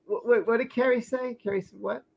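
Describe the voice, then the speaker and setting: A man's voice: very high-pitched, steady tone, a little fast, creaky, highs cut off, crowd noise. Chatty man rambling on a live stream. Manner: rambling, chatty, and talking with food. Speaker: livestream host. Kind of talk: casual chat while eating on a live stream. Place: his home.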